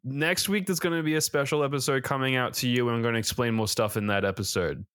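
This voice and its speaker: A man's voice: mid-range voice, fast, a bit bright, clean tone, dry recording, clean studio sound. A man co-hosting a movie podcast, chatting casually and joking loosely with the odd swear. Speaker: podcast co-host. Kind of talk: casual chat.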